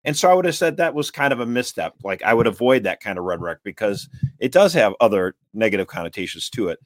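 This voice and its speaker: A man hosting a political talk show, speaking in an animated, emphatic and exasperated way. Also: fairly low pitch, quick pace, no echo. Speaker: podcast host.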